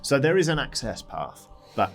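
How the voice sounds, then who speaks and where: A man's voice: mid-range voice, big pitch swings, normal speed, gravelly, soft background music. A man running a tabletop game as dungeon master, narrating in a loose, descriptive way with fillers and sound effects.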